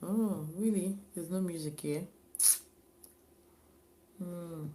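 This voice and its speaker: A woman's voice: on the low side, takes it slowly, warm tone, a little hiss or hum. A woman chatting casually on her own live stream, repeating herself and often laughing and sighing. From Africa.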